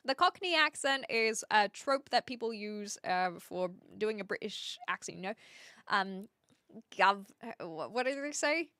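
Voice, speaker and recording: Kiwi woman streaming, bright voice, dry close sound, lots of ums. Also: fairly high pitch, dry recording. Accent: New Zealand. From New Zealand. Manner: chatty, explanatory, with frequent fillers and laughs. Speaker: livestream host. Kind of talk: casual chat reading out viewer comments.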